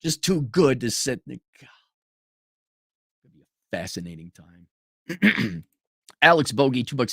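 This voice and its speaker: A man's voice: mid-range voice, big pitch swings, measured pace, creaky, long pauses, a bit bright, slightly rough, no room sound, studio quality. A man hosting a commentary stream, ranting in a profane, sarcastic way and mocking people in put-on voices. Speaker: commentary show host. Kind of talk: livestream rant commentary.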